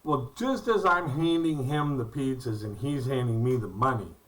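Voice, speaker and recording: Guy rambling thru funny work stories, stand-up style, kinda bright voice, a bit far from the mic. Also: mid-range voice, expressive, moderate pace. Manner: rambling, folksy anecdotes with acted-out quotes. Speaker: stand-up comedian. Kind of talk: storytelling stand-up routine.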